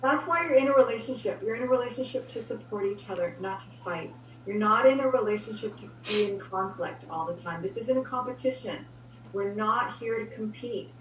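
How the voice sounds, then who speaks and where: A woman's voice: fairly high pitch, brisk. A woman giving upbeat, practical relationship advice in a casual chat, laughing often. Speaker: guest relationship advisor. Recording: roomy, distant mic with faint hum.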